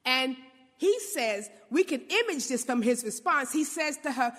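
A woman preacher gives an animated sermon in a high voice that rises and falls widely. She keeps throwing rhetorical questions at her listeners, and a long hall reverb trails her words. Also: unhurried.

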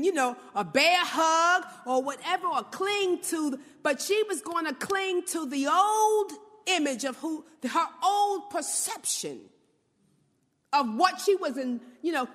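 A woman preacher giving an animated sermon, often asking her listeners rhetorical questions. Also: sits high, in a large hall.

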